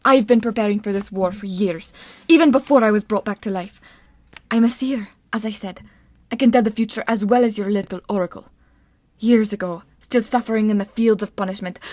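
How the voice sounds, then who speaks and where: A woman's voice: medium pitch, a little mellow, no room sound, lightly acted. Audiobook villain: a sneering sorceress, read by a woman, condescending, dry close sound. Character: haughty scheming sorceress woman, mocking.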